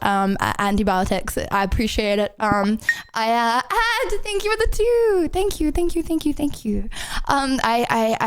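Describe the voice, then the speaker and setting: A young woman streamer chatting casually and giggling with her viewers while recovering from an illness, with many fillers. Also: fairly high pitch. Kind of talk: casual live-stream chat.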